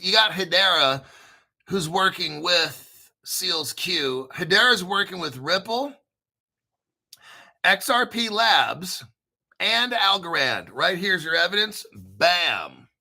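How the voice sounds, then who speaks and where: An American man hosting a casual commentary, brash and profane, joking around and often clearing his throat. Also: fairly high pitch, bright, forceful tone. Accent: General American. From United States. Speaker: crypto video host. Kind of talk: casual commentary reading articles.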